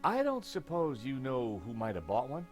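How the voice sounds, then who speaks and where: A quick-witted male investigator from an adventure game who talks wry and self-assured. His pitch sits mid-range and moves around a lot. He sounds like polished game voice acting. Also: wildly swooping pitch, a little mellow, soft background music.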